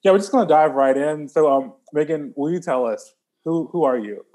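A man's voice: a little high, fairly quick, warm tone. A man hosting a podcast, upbeat and encouraging, talking casually with many fillers. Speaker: podcast host. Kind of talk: casual interview chat.

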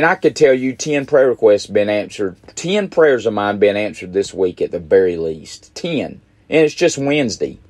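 Middle-aged preacher guy, lowish voice, keeps repeating lines to hammer a point. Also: darkish tone, dry recording. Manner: emphatic, repeats phrases for stress. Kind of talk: midweek sermon.

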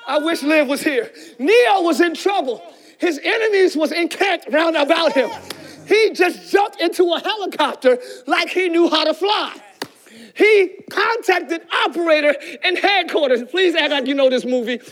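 Man, pastor, very high voice, fervent shouted sermon, calls to the congregation. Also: expressive, normal speed.

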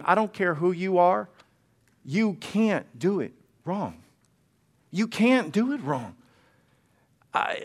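A male pastor preaching a sermon in a conversational, humorous way, often restarting and repeating words. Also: high-pitched. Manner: conversational, frequent restarts and repetitions; humorous storytelling.

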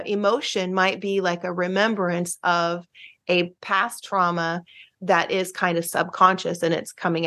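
A middle-aged woman speaks as a counselor guest in a relaxed interview. Her voice is mid-pitched, and her talk is chatty and earnest, full of fillers and restarts. She often breaks into a quick laugh. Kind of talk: casual interview chat.

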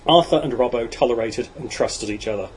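A man narrating a novel in a measured, even storytelling voice. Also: medium pitch, low-quality recording. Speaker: audiobook narrator. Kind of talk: reading a novel aloud.

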